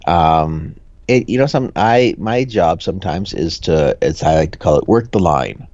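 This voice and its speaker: A man's voice: deep voice, animated, a little slow, darkish tone, dry recording. A man telling a rambling, jokey story in casual podcast chat, full of fillers and restarts. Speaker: podcast co-host. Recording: dull, dry lo-fi sound.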